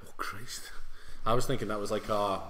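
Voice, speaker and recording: A man's voice: on the low side, fairly even intonation, moderate pace, sharp tone. Jokey Scottish man, echoey room. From Scotland. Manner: jokey, teasing banter. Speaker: fitness coach co-host. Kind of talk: live-stream Q&A chat.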